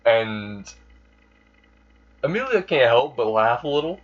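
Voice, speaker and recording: A man's voice: mid-range voice, animated, normal speed, pauses often. A man improvising a fan story aloud in a rambling way, with fillers and self-corrections, on a dull lo-fi recording. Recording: dull lo-fi sound.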